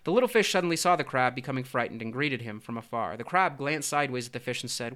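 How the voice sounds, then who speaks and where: A man narrating a storybook in a steady, measured way. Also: medium pitch. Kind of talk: storybook reading.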